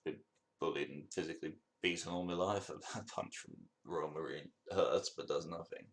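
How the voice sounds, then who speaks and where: Young man, podcast host, gravelly fry, casual swearing storyteller. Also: sits low, moderate pace. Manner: swearing, rambling, laughing at his own jokes.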